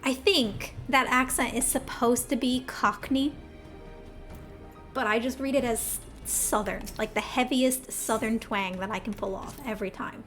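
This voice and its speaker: Casual streamer woman, chatty and scattered, higher voice, faint music behind. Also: fairly even intonation, a little slow, a bit bright. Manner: chatty, scattered, talks to chat. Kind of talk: casual gameplay chat.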